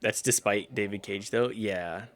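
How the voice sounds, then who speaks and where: A man streaming a game, chatting casually with a rambling, self-deprecating manner and vocal fry. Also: on the low side, a little slow, fairly bright tone. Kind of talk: casual gaming chat.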